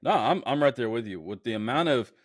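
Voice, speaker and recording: A man's voice: medium pitch, fast talker, no echo, clean studio sound. A man co-hosting a casual sports podcast, ranting heatedly and cursing freely about his home team's rivals. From Houston area. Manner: heated, profane, animated rants. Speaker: podcast co-host.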